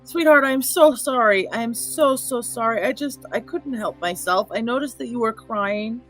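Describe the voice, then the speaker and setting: A kindly shapeshifting woman, played by a player speaks in a soft, coaxing, apologetic way. She keeps a middling pitch that lifts gently as she soothes. She stays tender throughout. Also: moderate pace, music in the background, close to an everyday voice, poor audio. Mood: soothing.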